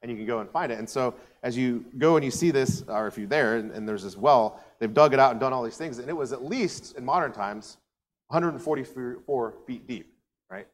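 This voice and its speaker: An American pastor preaches a conversational sermon in a fairly quick, mid-range voice with a big-room sound. He tells the story casually and animatedly, acting out quoted voices and dropping in frequent asides and filler words.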